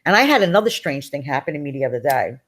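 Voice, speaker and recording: A middle-aged woman, telling a personal story as an interview guest in a lively, chatty way, acting out the voices of people in it. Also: deep voice, racing. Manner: animated, acts out quoted voices.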